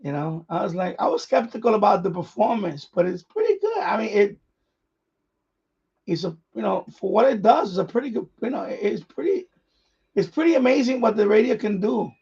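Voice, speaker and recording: A man's voice: high-pitched, lively intonation, fairly quick, gravelly, a little mellow, breathy edge, muffled recording. A man hosting a radio hobby live stream, chatting casually in a rambling way, repeating himself and chuckling often.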